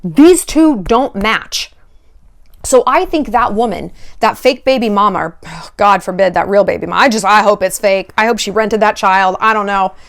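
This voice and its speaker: A woman giving dating advice in a casual commentary vlog, animated and sarcastic, swearing freely and acting out quoted voices. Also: medium pitch, normal speed.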